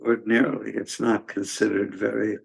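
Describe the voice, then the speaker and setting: A man giving a scripture class in a halting, conversational way, with many fillers and restarts. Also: fairly low pitch, little pitch movement, creaky. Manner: conversational storytelling. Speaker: class speaker.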